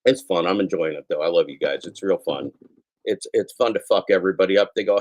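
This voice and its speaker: A man's voice: deep voice, brisk, darkish tone. A middle-aged man hosting a podcast, riffing crudely and mockingly on the news, his throat scratchy and his voice worn out from daily shows. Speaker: podcast host. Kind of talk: profane comedic news riff.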